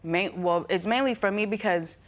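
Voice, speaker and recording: A woman's voice: medium pitch, moderate pace. Young woman chattering through her complaints. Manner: chatty, heavy use of "like". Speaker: litigant. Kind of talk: casual testimony on a TV court show.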